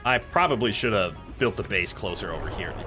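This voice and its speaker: A man's voice: fairly low pitch, brisk, soft background music. A man casually streaming a survival game, joking, swearing and chatting with viewers. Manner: animated and joking, swears, talks to chat and his pet.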